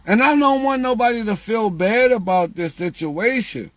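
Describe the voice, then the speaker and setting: A man talking casually to viewers about lottery picks, repeating himself and growing exasperated, getting louder when he quotes their questions. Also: high voice, normal speed, no room sound. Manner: repetitive, exasperated, rises when quoting viewers. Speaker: lottery tips creator.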